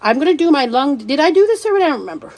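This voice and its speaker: A woman's voice: high-pitched, very animated, very fast, a little mellow, a little hiss or hum. A middle-aged woman hosting a wellness livestream, blunt and sassy, preaching to her viewers and reading their comments. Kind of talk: live stream chat with viewers.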